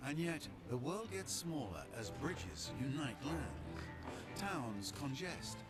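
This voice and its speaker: A grand game narrator over music. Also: male voice, fairly high pitch, sing-song, takes it slowly. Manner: sweeping, grand delivery. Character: solemn male game narrator voice. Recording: game audio under music.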